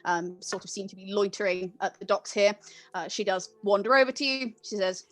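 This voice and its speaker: A woman's voice: medium pitch, a little fast. Woman narrating as game master. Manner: relaxed, filler-heavy narration.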